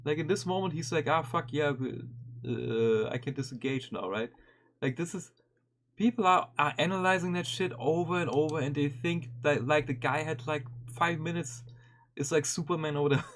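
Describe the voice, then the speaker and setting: A man streaming and commenting casually on a video, animated and swearing often, with frequent restarts. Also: fairly high pitch, brisk, slight background noise.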